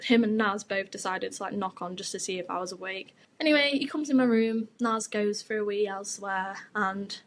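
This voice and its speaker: A woman's voice: mid-range voice, normal speed, few pauses, a little hiss or hum. A young woman, hosting her podcast and telling a gossipy story in a frank, sweary, chatty way. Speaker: podcast host.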